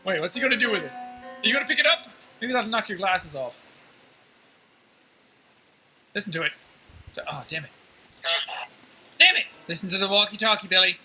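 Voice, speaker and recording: A woman giving excitable gameplay commentary, laughing often and slipping into silly voices. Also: mid-range voice, normal speed, long pauses, music in the background. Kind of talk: let's-play reaction commentary.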